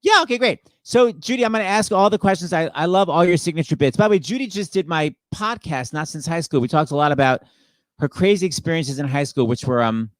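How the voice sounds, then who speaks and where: Gushing, high-voiced male host. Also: animated, quick pace, dry recording. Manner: gushing, enthusiastic. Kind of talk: casual chat.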